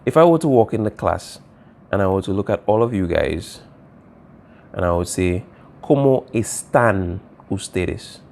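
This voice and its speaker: A man's voice: low-pitched, big pitch swings, normal speed, gravelly, pauses often, darkish tone. A man teaching a Spanish lesson, patiently explaining phrases and often checking in with "okay" and "all right". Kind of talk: recorded classroom lesson, writing on a board.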